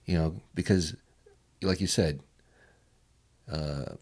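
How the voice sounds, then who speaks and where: A man hosting a casual chat, relaxed and agreeable, saying "dude" and "man". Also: rumbling low, slow pace. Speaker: podcast host.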